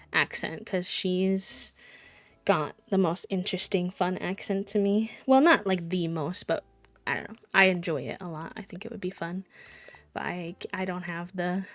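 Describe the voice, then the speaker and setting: A woman's voice: fairly low pitch, measured pace. A woman from Wisconsin chatting casually and rambling as a live streamer while she plays a video game. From Wisconsin, USA.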